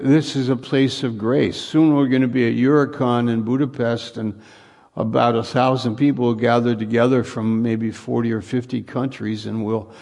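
A man's voice: mid-range voice, vocal fry, a little mellow. A man preaching a conversational sermon, repeating phrases for emphasis. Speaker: pastor.

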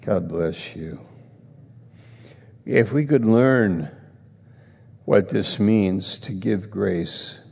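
Slow, gravelly-voiced preacher man. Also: fairly low pitch, darkish tone, long reverb tail. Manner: slow, earnest, rising for emphasis. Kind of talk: sermon with prayer.

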